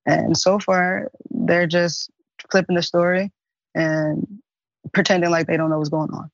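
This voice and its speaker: Woman guest, monotone, halting with many ums, dull dry remote audio. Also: lowish voice, no echo. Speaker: interview guest. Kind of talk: casual interview answers.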